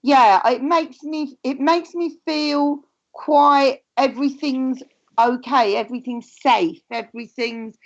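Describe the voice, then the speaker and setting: A woman's voice: high-pitched, fairly even intonation, slow pace, muffled recording. A woman co-hosting a casual chat, speaking hesitantly and searching for words. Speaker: co-host.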